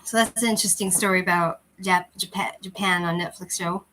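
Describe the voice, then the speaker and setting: A woman's voice: fairly low pitch, fairly even intonation, a little fast, sharp tone, a little hiss or hum, poor audio. Woman, casual livestream host, rambling, chatty, restarts a lot, lousy cheap microphone. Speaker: channel host chatting with viewers.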